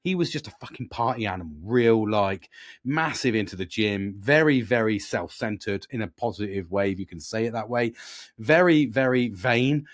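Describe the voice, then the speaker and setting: A man's voice: on the low side, lively intonation, moderate pace, no room sound, clean studio sound. A British man in his forties, hosting a podcast as a reflective monologue. He talks earnestly, swears freely and rambles with many restarts. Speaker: podcast host.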